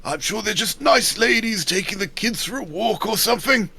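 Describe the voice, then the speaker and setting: A man voicing a brash adventurer in a tabletop game, calling out loudly and joking. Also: high voice, lively intonation, moderate pace, vocal fry, husky, voice pushed up, full character voice. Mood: breezy.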